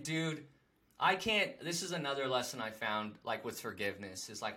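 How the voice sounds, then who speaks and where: Bright-voiced, excitable man. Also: mid-range voice. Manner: excitable and animated. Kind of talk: heartfelt casual conversation.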